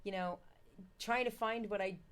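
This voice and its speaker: A woman's voice: mid-range voice, moderate pace, clean tone. A middle-aged woman speaking as an interview guest, telling a story casually and acting out the dialogue with lots of expression. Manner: animated, acts out quoted dialogue. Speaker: company founder, guest.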